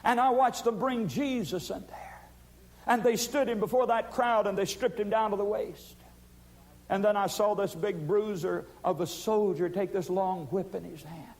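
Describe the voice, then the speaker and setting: A man's voice: sits high, moderate pace, a little mellow, voice pushed up, poor audio. A man acting out an older male theologian telling his wife about a terrible dream, in an earnest, anguished way. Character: grieving older male theologian recounting a nightmare.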